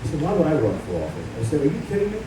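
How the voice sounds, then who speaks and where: A man's voice: a little high, sing-song, rapid-fire, distant mic, noisy background. Combative man speaking in an echoey hall. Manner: combative, storytelling. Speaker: political candidate. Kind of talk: campaign speech. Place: event hall.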